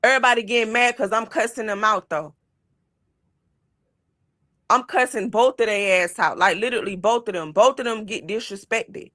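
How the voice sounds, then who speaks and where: Young woman guest, blunt and heated, bright and fairly high voice, dry sound. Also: normal speed, no room sound. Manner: blunt, heated, heavy swearing. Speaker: livestream guest telling her story. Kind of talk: casual livestream chat.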